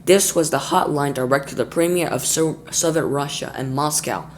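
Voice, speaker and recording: Brief: a man reading a children's story aloud, lively, faint noise behind. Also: fairly high pitch, moderate pace. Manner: lively, with small slips and restarts.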